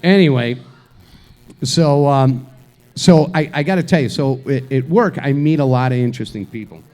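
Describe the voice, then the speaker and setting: A man's voice: medium pitch, normal speed, a little mellow. A man co-hosting a live show, telling a rambling story with crude jokes and lots of restarts. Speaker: co-host. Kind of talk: casual live show banter. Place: live event venue.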